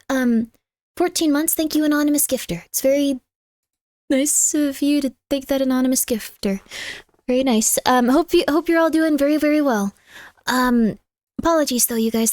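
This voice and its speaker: High-pitched woman streamer rambling to chat, dry close mic, kinda cooey with her cat. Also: fairly quick, no room sound. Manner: chatty, reads chat aloud, coos softly to her cat. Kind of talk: casual live-stream chat. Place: home room.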